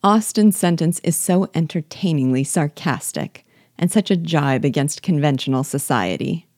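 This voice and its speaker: A woman's voice: deep voice, expressive, moderate pace, a little mellow, dry recording, studio quality. A woman hosting a reading podcast, giving thoughtful, wry commentary on a novel and reading passages aloud. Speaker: host guiding listeners through a novel.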